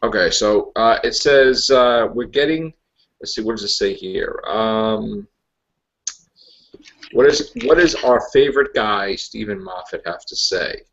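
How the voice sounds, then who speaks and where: A man's voice: lowish voice, animated, measured pace, fairly bright tone. A man hosting a casual podcast, reading news aloud and wandering off into rambling asides. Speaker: podcast host. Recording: dull lo-fi podcast audio.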